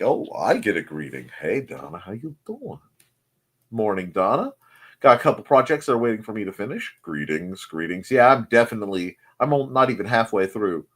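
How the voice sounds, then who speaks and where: A man's voice: fairly low pitch, a bit bright. A man hosting a casual live morning stream, rambling through chat greetings with jokey, self-deprecating asides. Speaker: host of a live morning show.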